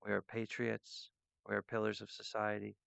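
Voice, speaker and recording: A man rambling earnestly and emotionally to his viewers, halting often with restarts and fillers. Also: lowish voice, monotone, creaky, a bit bright, no echo, muffled recording. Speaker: artist addressing viewers. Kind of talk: rambling direct-to-camera monologue.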